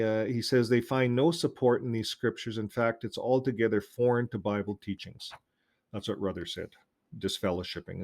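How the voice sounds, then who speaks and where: A man's voice: medium pitch, a little mellow. A man hosting his own channel, talking loosely with many fillers and reading out passages from old religious magazines. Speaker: channel host.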